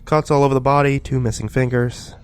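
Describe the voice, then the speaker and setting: A man voicing a matter-of-fact male paramedic in a horror story, reporting injuries flatly. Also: mid-range voice, brisk, clean tone, natural voice.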